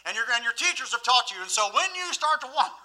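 High, sharp-voiced preacher. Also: male voice, very animated, quick pace, poor audio. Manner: folksy, emphatic, full of rhetorical questions to the congregation. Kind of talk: sermon.

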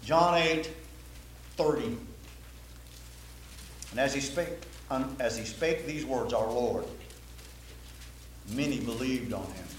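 A man's voice: medium pitch, takes it slowly, pauses often, slight background noise. A man preaching a sermon to a Baptist congregation, emphatic and repetitive, often asking the listeners questions. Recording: very echoey hall, faint ambience.

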